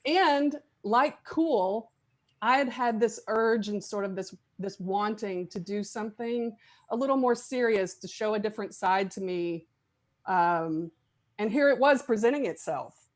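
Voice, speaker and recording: A middle-aged woman guest on a podcast, telling a lively story with frequent laughs. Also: mid-range voice, unhurried. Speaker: guest actress. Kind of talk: podcast interview chat.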